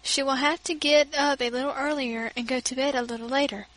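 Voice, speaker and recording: A woman doing a scolding old housekeeper, high and brisk, storybook voice. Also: level tone, fairly bright tone, rough recording. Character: plainspoken old female servant, warm but scornful.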